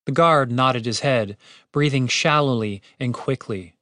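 A man narrating a comedic fantasy story with expressive, animated storytelling. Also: medium pitch, a little slow, dry recording, studio quality.

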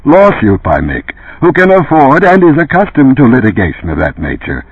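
A man's voice: mid-range voice, huge pitch swings, moderate pace, slightly rough. A man voicing a cold official who drones on in a detached way. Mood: droning. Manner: droning, detached. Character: cold official male voice on phone. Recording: tinny phone-like lo-fi sound.

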